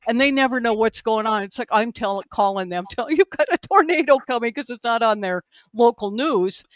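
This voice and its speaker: A woman's voice: fairly high pitch, moderate pace, no room sound, clean studio sound. A woman guest telling a long personal story in casual conversation, full of "like" and "um", heard over a video call. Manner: rambling, filler-heavy, lots of "like" and "um". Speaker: podcast guest.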